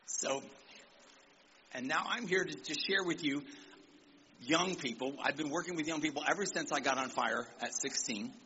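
A man preaching an animated sermon to young people at a church service, calling out for amens and acting out quotes. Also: fairly high pitch, normal speed, dull audio, a little hiss or hum. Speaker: visiting preacher.

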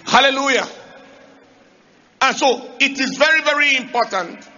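A male preacher giving an emphatic sermon, raising his voice to shout key points and asking the congregation rhetorical questions. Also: very high voice, lively intonation, moderate pace, lo-fi sound. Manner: emphatic, rising to shouts to drive points home.

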